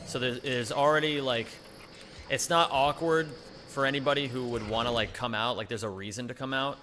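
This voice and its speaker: A man's voice: medium pitch, fairly even intonation, normal speed, pushed and bright. A man live-streaming a speedrun, chatting casually in a joking, rambling way with playful swearing. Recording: noisy stream audio.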